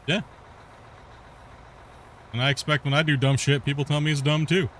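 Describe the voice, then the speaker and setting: A man's voice: a little high, flat delivery, moderate pace, fairly bright tone, slight background noise. Rambling laid-back male game streamer. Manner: rambling, full of "you know" and "right?"; laughs often, swears casually. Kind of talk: casual gameplay chat.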